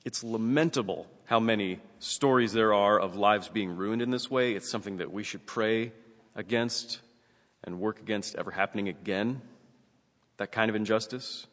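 Low-voiced pastor guy preaching, earnest, big echo of a church hall behind him. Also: fairly bright tone. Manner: earnest, measured preaching with emphatic rises. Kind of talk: sermon with scripture reading.

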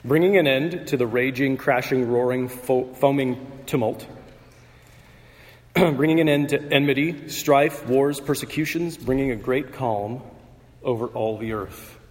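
A male pastor giving a sermon in a measured, conversational way, pausing with fillers and clearing his throat. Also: mid-range voice. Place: church sanctuary. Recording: long reverb of a church hall.

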